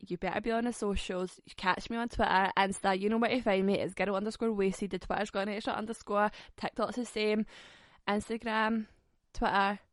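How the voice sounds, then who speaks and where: A woman's voice: mid-range voice, no room sound. Girl in her 20s ranting on her podcast, swears a lot, laughs a lot, dry close sound. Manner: sweary, sassy, quick to laugh. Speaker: podcast host. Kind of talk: casual solo podcast chat.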